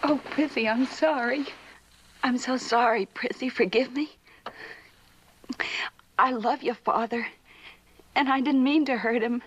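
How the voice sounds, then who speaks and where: An actress in a 1950s western playing a distraught, emotional young wife who accuses and pleads. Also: female voice, high-pitched, moderate pace. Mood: pleading. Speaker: actor in a western film. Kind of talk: 1950s film acting. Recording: dull, hissy old film soundtrack.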